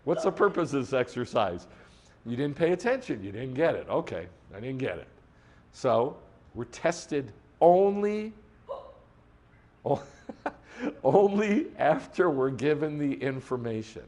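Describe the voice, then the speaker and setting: Man, middle-aged, sermon, lively pitch, conversational, asks questions, recites Hebrew prayer. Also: slow, long pauses. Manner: switches into Hebrew prayer lines. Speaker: congregation teacher.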